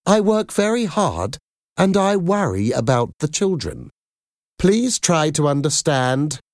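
A woman's voice: low voice, sing-song, slow, a little mellow, no echo, studio quality, voice pushed up, full character voice. A man voicing a firm, worried working mother. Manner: firm and apologetic.

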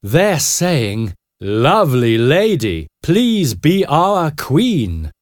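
A woman voicing a proud, know-it-all phoenix bird in a storybook reading, speaking in a boastful, lowered voice. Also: big pitch swings, no echo, studio quality, full character voice. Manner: boastful, slow and deep.

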